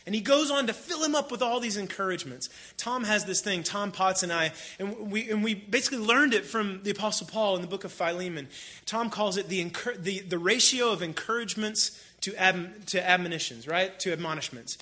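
A man preaching a sermon in a casual, storytelling way, with animated emphasis. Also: sits high, brisk. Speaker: pastor. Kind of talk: conversational sermon.

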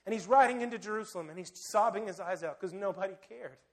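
A male preacher with a notably high voice, delivering a sermon in a casual, conversational style. He speaks straight to his listeners with lively, animated emphasis. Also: fast talker.

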